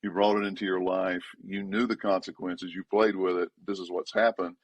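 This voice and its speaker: A man, a pastor talking in a casual podcast conversation, emphatic and repetitive, pitch jumping up when he stresses a point. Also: flat delivery, fairly quick, no echo.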